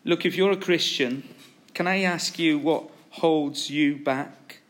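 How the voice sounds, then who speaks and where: A man preaching a sermon, retelling a story with animated, acted-out quotes. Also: on the high side, takes it slowly.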